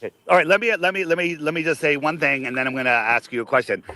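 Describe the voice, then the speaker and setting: A man's voice: fairly high pitch, fairly even intonation, very fast, sharp tone. A man in a heated argument, angry and swearing, repeating words when cut off. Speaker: guest.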